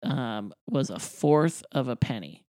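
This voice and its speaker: A woman's voice: a bass voice, very animated, slow pace, mellow, dry recording. A woman in casual chat, chiming in with dry, wry asides and trivia. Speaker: podcast co-host.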